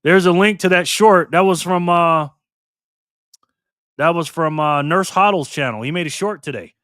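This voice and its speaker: Man, live stream host, casual chat, easy laughter, higher-pitched, dry close sound. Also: moderate pace, fairly bright tone, dry recording. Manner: laid-back, chatty, laughs often, greets viewers.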